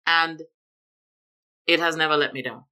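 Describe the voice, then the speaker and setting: A middle-aged woman from Jamaica, a guest telling her story in a relaxed interview, with emphatic lifts on key words. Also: low voice, unhurried, clean tone. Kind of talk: casual conversational interview.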